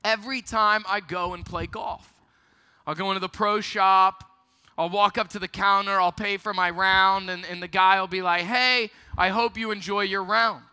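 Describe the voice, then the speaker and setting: A young man giving a youth ministry sermon, telling stories about himself in a lively, self-deprecating way. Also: high-pitched, moderate pace, clean tone. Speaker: youth pastor. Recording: long hall reverb.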